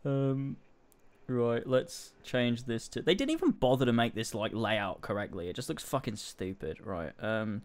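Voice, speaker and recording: A man's voice: lowish voice, very animated, normal speed, few pauses. A man co-hosting a casual podcast, ranting with lots of swearing and restarts. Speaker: podcast co-host.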